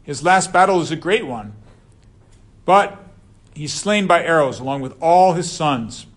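A man's voice: a little high, animated, a little slow. Conversational man teaching a Bible class. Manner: conversational, digressive, reads passages aloud. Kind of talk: scripture class lecture.

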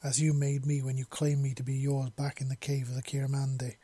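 A man voicing a proud female alien huntress in a story reading, speaking softly and with emotion. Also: mid-range voice, monotone, a little fast, breathy edge, no room sound, close to an everyday voice. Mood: warm. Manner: soft, emotional, breathless.

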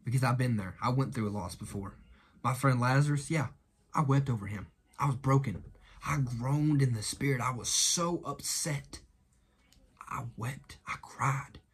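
A man voicing a gentle, consoling Jesus who speaks softly and repeats his comforting reassurances. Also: medium pitch, moderate pace, slightly rough. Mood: tender, hushed.

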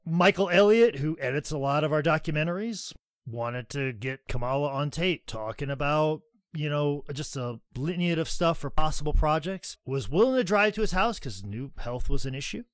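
A man's voice: a little high, lively intonation, moderate pace, dry recording. A man co-hosting a podcast, telling rambling, profane anecdotes and acting out other people's lines. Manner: acts out others' voices while telling stories. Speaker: podcast co-host. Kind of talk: casual storytelling chat.

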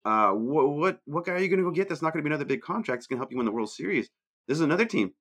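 A man's voice: fairly high pitch, animated, racing, a bit bright. A man co-hosting a sports podcast, giving blunt, dismissive analysis in casual chat. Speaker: podcast co-host.

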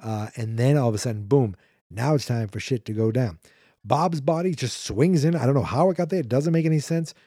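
A man talks through a horror movie scene by scene and acts out the characters' lines in a lively way. His voice is mellow and a little husky. He sounds close and dry, as if recorded in a small room. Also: mid-range voice, fairly quick, no echo. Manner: animated storyteller acting out characters' lines. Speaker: podcast host. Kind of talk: casual movie recap.

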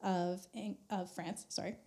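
Mellow-voiced woman telling history casually. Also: medium pitch, little pitch movement, a little slow, vocal fry. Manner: chatty, laughing, heavy use of "like", swearing. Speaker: podcast host. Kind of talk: casual history podcast storytelling.

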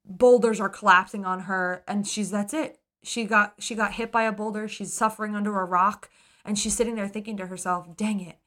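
A woman co-hosting a podcast, retelling a novel in a lively, casual way and acting out the characters. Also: medium pitch, fairly quick. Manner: animated retelling, acts out characters, gets emotional. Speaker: podcast co-host. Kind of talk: casual book discussion.

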